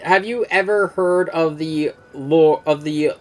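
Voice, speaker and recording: Excitable rambling game streamer. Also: mid-range voice, takes it slowly. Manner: enthusiastic, rambling, swears freely, many fillers. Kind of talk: casual lore explanation on a game stream.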